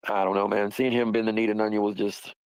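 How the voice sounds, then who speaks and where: A man's voice: lowish voice, little pitch movement, fast, clear, resonant tone, no room sound, poor audio. A man hosting a livestream, talking in a rambling, profane, casual way and laughing often. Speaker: livestream host.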